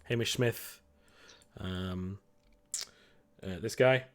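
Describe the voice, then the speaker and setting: A man's voice: low-pitched, extremely slow. A man narrating a sci-fi tabletop game as game master, rambling with many fillers and restarts.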